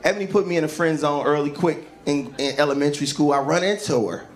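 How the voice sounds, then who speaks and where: A male stand-up comedian telling a story on stage, animated and laughing through his lines, into a handheld mic before a live audience. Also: on the high side, fast. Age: adult, grown since school. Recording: live club with crowd and noise.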